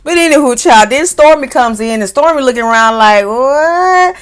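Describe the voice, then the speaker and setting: A woman hosting a casual reality TV recap, telling it in a sassy, animated way and acting out what people said. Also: on the high side, fairly quick. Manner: sassy, animated storytelling, acts out quotes. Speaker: host.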